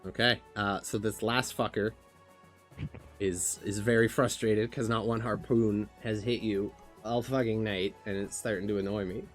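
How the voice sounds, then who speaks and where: A man's voice: on the low side, flat delivery, normal speed, faint music behind. A man running a tabletop game on a stream, casual and swearing as he narrates the action. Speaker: game master.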